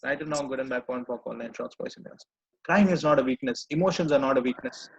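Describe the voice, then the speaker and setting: A man coaching a live group, gently repeating reassuring phrases. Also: medium pitch, fast talker, gravelly, low-quality recording. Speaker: personal growth coach.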